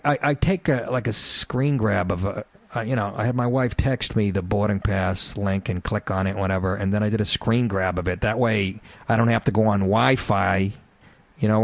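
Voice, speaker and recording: A man's voice: on the low side, no room sound. A middle-aged man telling rambling, profane anecdotes on talk radio, often laughing as he talks. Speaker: radio show talker. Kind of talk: casual storytelling on talk radio.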